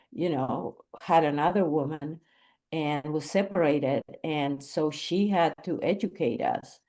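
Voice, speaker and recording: A woman from Bolivia, a guest slowly recalling her family in an interview. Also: sits low, mellow. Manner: slow, measured recollection. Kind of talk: conversational storytelling interview.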